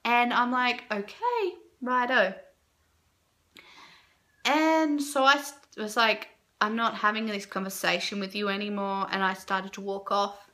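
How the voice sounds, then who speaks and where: A young woman telling a story to camera in a casual, animated way, with lots of fillers and her own reactions jumping up high. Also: unhurried. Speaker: vlogger.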